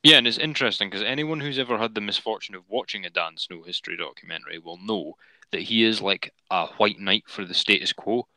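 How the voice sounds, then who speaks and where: Male co-host, very low pitch, bright edge, dry room, wry delivery. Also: a little fast, no echo, rough recording. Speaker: podcast co-host. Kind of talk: casual political chat.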